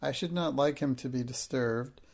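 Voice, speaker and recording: A man voicing a calm, proud young girl. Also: mid-range voice, moderate pace, gravelly. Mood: fond. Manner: calm, grand and polite.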